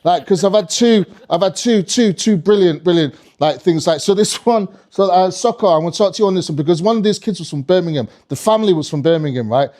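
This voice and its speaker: A man's voice: high voice, quick pace, few pauses, warm tone. A male comedian telling a stand-up story in a rambling, sweary way, often restarting his sentences. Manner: rambling, sweary, self-interrupting.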